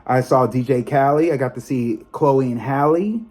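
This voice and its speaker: A psychic tarot reader in his thirties hosts his own video channel, chatting casually with viewers and calling them y'all. He's animated, often breaking into emphatic, profanity-laced rants. His voice is medium-pitched at normal speed.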